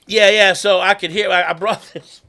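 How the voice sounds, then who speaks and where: A man, a musician guest telling stories in casual talk, animated and swearing freely. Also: high-pitched, normal speed. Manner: animated, swears freely, acts out quoted people. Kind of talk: casual conversational storytelling.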